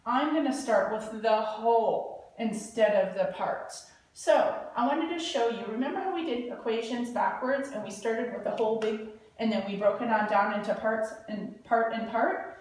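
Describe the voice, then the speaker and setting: A woman teaching young children to read, speaking slowly and patiently as she sounds out parts of words. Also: a little high, recorded from a distance, slight background noise. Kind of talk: early reading lesson for children. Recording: echoey room, voice from afar.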